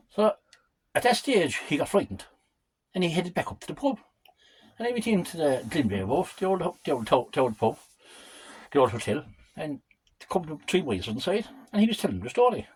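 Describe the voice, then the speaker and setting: Older Irish man, husky voice, casual rambling folk storyteller. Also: on the high side, big pitch swings, moderate pace, low-quality recording. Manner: rambling, chatty, addresses listeners as lads.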